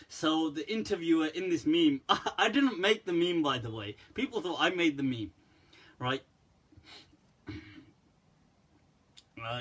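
Middle-aged male teacher, husky and a bit high-pitched, chatty and mocking, laughs a lot. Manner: laughs often, animated storytelling, mocking tone. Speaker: Islamic teacher answering questions. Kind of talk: casual Q&A talk.

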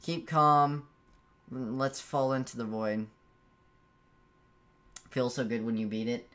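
A man's voice: mid-range voice, slow pace, fairly bright tone. A man streaming a game, chatting casually, stammering and repeating words, breaking into yelps and laughs when frustrated. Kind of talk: casual gameplay commentary.

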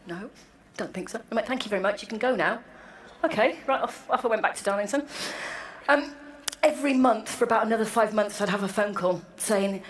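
A woman's voice: medium pitch, fairly quick. A woman in her forties giving a wry, self-deprecating anecdotal speech to a meeting. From Wales. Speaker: speaker at an annual meeting. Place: large hall, to an audience. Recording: echoey hall with faint room noise.

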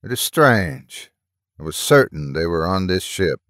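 A man's voice: low-pitched, very animated, a little slow, a bit bright, no echo, studio quality, heavily acted. A man voicing a stern, menacing male Martian officer who questions prisoners in a cold, commanding way.

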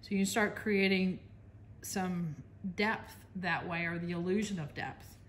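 A woman's voice: on the low side, steady tone, measured pace, a little hiss or hum. Chatty American woman teaching painting. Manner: chatty, talks while working, apologizes to viewers. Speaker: art instructor. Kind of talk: casual painting demonstration.

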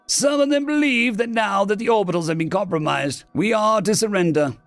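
A man voicing a panicking male alien general with mandibles, high-strung and melodramatic. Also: a little fast, a bit bright, dry recording, soft background music. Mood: despairing, hysterical.

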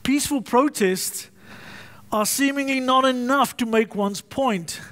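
High-voiced man preaching a sermon. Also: measured pace, a bit bright. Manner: emphatic, repetitive listing with alliteration. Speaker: pastor.

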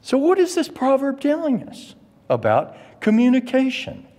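An older man teaching an adult Bible class, deliberate and emphatic, leaning hard on key words. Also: extremely high pitch, huge pitch swings, darkish tone. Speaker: Sunday school teacher. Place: church classroom. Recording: long reverb of a church hall.

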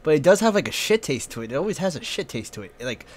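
A man's voice: on the high side, very animated, fast. Casting: male streamer, casual chat, voice strained and sniffly from spice, swears a lot. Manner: pained, coughing and spitting, cursing freely. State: drooling, tearing up, sniffly.

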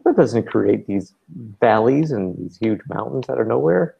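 A man's voice: mid-range voice, expressive, normal speed, vocal fry, slightly rough, dull audio. A man co-hosting a casual gaming livestream, rambling and exasperated, stumbling over restarts as he rants. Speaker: livestream co-host. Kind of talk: casual chat while gaming.

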